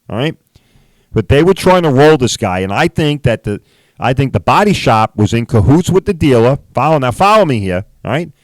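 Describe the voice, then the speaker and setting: A middle-aged man who hosts a podcast and owns a body shop tells a story as a profane, emphatic rant, often asking "right?". His voice is mid-range, with no room sound.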